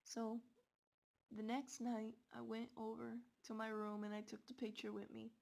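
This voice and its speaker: A woman telling a scary story in the first person, with slow, dramatic delivery. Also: a little high, monotone, creaky, a little mellow.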